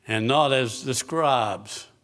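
Man, preaching a sermon, slow deliberate delivery, calls out questions to the congregation. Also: mid-range voice, a bit bright. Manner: asks the congregation questions and answers them himself.

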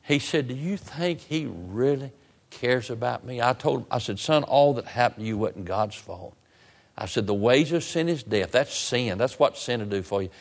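A man preaching a sermon, retelling a story with many restarts and repeated words, and climbing high and loud when he retells his pleas. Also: lively intonation, normal speed. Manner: repetitive restarts, rising to raised emotional pitch when retelling his pleas. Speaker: pastor.

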